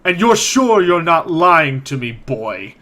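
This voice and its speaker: A man's voice: a little high, sing-song, normal speed, fairly bright tone. A man doing a towering, stern interrogator. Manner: stern, probing questions.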